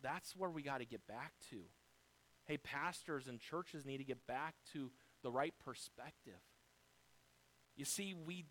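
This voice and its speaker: A man's voice: mid-range voice, low-quality recording. An American pastor delivering a sermon to his congregation, moving through numbered points and speaking directly to his listeners. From United States. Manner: dynamic preaching, rising loud then dropping soft.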